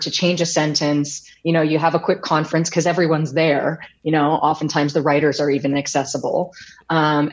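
A woman's voice: low-pitched, highs cut off. A woman audiobook narrator being interviewed, talking about her craft in an articulate, thoughtful way. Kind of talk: podcast interview.

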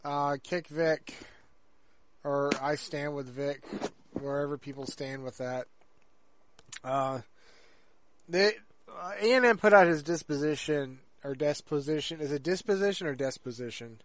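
A man co-hosts a podcast in casual chat, rambling with plenty of fillers and restarts. His voice is a little high and fairly bright, and he speaks unhurriedly. There is no echo.

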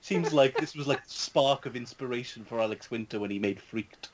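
A man on a film podcast, speaking in a relaxed and hesitant way with many fillers. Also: medium pitch, a little fast, background noise. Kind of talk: casual film discussion.

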